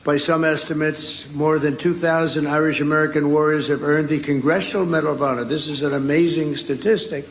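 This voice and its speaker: A man's voice: a little high, fairly even intonation, fairly quick, hardly any pauses, a little hiss or hum. A man giving an off-the-cuff speech at a luncheon, rambling with ad-libs and asides between prepared lines, into a podium microphone. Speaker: speaker at a luncheon. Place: indoor luncheon event.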